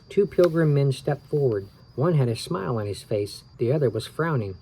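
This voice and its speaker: A man reading a children's book aloud, relaxed and tired, stopping for small asides and rereading his slips. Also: mid-range voice, normal speed, hardly any pauses, a little hiss or hum, poor audio. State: tired, yawning. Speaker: reader of children's books.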